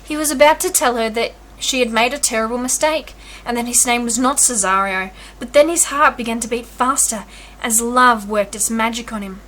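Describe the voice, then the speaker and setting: A woman teacher reading a children's storybook aloud in an expressive, clear way. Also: a little high, moderate pace, few pauses.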